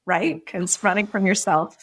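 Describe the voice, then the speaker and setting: A woman's voice: mid-range voice, animated, measured pace, fairly bright tone, slightly rough. Earnest middle-aged woman telling her story. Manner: earnest, emotional retelling with vivid detail. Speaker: podcast guest. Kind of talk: personal storytelling in an interview.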